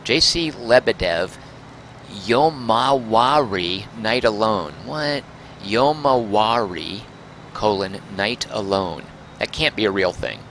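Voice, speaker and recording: A man's voice: on the low side, expressive, slow, a bit bright, slight background noise. A man streaming a game, chatting and muttering to himself, mildly exasperated with the controls. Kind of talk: casual game livestream commentary.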